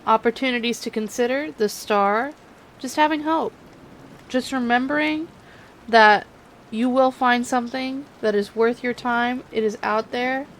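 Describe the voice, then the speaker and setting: A woman's voice: a little high, moderate pace, poor audio. A young woman with a Californian accent that slips into a southern drawl, giving a chatty, self-mocking tarot reading. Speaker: tarot reader. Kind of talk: casual tarot reading chat.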